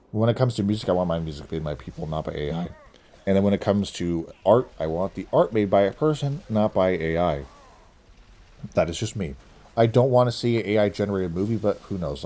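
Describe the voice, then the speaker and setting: A young man with a fairly low voice that swings up and down a lot as he talks. He rambles through his opinions in a relaxed vlog monologue, often laughing at his own jokes. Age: young adult. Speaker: vlogger.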